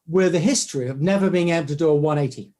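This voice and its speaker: A man being interviewed, telling stories in a lively conversational way and acting out what other people said. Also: a little high, fast talker. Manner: animated storytelling, acts out quoted voices. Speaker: guest, orthodontic clinician.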